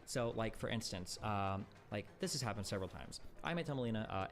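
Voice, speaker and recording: A man with a voice on the low side talks casually on a livestream, with slight background noise. He rambles quickly, sounding blunt and exasperated, with lots of fillers and swearing.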